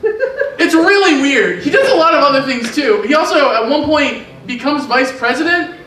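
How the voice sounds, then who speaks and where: Very high-voiced amused comic. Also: male voice, expressive, moderate pace, sharp tone. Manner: chatty, amused, laughing. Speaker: stand-up comedian. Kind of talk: stand-up comedy. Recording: echoey, distant stage with noise.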